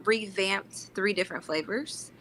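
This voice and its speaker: A woman guest, a Reiki and sound therapy practitioner, speaking gently and sweetly in a casual interview, warmly encouraging. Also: medium pitch, unhurried, slight background noise.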